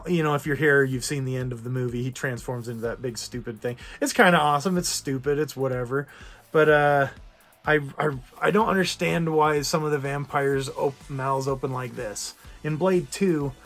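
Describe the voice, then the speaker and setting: A man hosting a casual movie discussion, rambling and correcting himself often over faint music. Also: mid-range voice. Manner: rambling, with frequent self-corrections and filler. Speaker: host.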